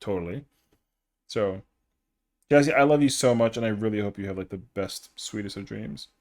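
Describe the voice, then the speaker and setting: A man's voice: fairly low pitch, normal speed. A young man chatting casually on a live stream, rambling in slang with lots of fillers.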